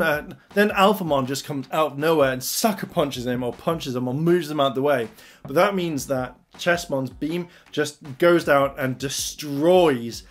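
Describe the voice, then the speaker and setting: A man giving a casual, animated spoken review, retelling scenes and acting out the characters' lines with frustration. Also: on the high side. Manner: excitable, animated retelling with acted-out quotes. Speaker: anime reviewer.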